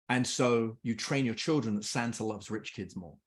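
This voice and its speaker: English man telling lively family stories. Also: mid-range voice, normal speed, few pauses. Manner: lively anecdotes, acts out family dialogue. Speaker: podcast guest. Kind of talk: casual storytelling.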